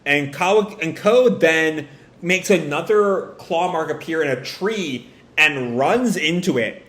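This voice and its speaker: Man reacting to manga, casual, hedging, slightly high voice, echoey room. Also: fairly bright tone. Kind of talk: live reading and reaction. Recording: roomy echo.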